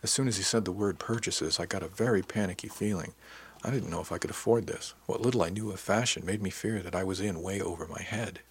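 A man narrating a first-person audiobook in a measured, descriptive manner. His voice is deep and husky.

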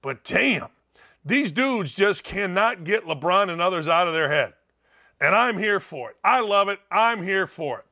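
A man's voice: high-pitched, unhurried. A man hosting a radio show, delivering an opinionated monologue with lots of stammering restarts and repeated phrases. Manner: repetitive, excitable, stammering restarts. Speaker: talk radio host.

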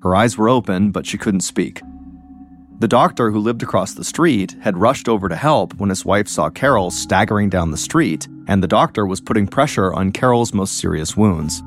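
A man hosting a podcast, telling a true-crime story in a measured, suspenseful scripted narration. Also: lowish voice, soft background music. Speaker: podcast host.

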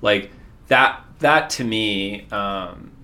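A man's voice: lowish voice, very slow, pushed and bright. A middle-aged man from Southern California, a surf league executive chatting on a podcast, rambling with many fillers and restarts. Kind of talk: casual podcast chat.

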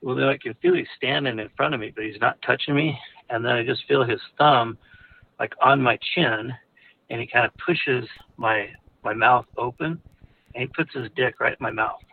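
A man's voice: medium pitch, normal speed, gravelly, a little hiss or hum. A male caller telling a personal story frankly, in a candid, rambling way with chuckles between phrases. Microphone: phone call. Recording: tinny phone line.

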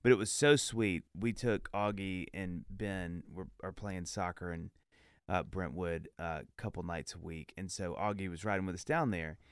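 Podcast host, man, lowish voice, dry close mic, rambling heartfelt storyteller. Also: fairly even intonation, normal speed, smooth, dry recording. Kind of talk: casual chat.

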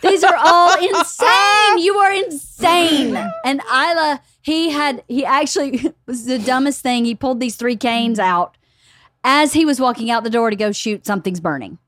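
Woman, podcast host, casual storytelling, laughs often, high voice, dry close sound. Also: normal speed, dry recording. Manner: animated, laughs often while telling stories.

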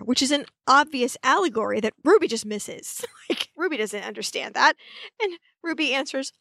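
A woman co-hosting a podcast, casually recapping a TV episode and acting out character lines with lively energy. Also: high-pitched, moderate pace, gravelly, no room sound. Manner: animated retelling, acts out character lines. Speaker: podcast co-host.

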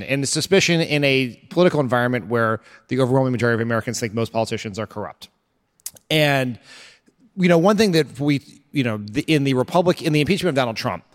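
A man co-hosting a live political podcast, laying out his reasoning in an analytical, explanatory manner. His pitch sits in the middle range. A large live hall gives his voice a long reverb. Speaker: podcast co-host. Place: live stage before an audience.

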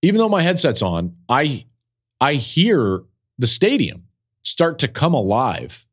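A man's voice: mid-range voice, wildly swooping pitch, a little slow, a bit bright. A middle-aged man hosting a football podcast, telling an emotional story in an earnest way that builds in intensity. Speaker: college football analyst and podcast host.

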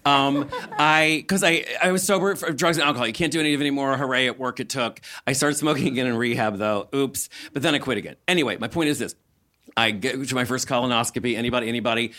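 A man's voice: medium pitch, fast, bright, forceful tone. A middle-aged man from the South, delivering a stand-up rant that acts out other people's lines and swears freely. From Southern United States. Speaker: comedian guest.

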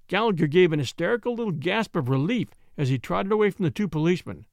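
A man reading an old story aloud as an audiobook, in a high voice that rises and falls a great deal. A gravelly edge runs through his measured, expressive delivery, and the recording is dry and close. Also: no echo. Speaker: narrator. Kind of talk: audiobook narration.

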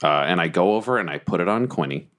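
A man playing a tabletop game, talking animatedly and stumbling over his words when excited. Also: deep voice, quick pace. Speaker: player.

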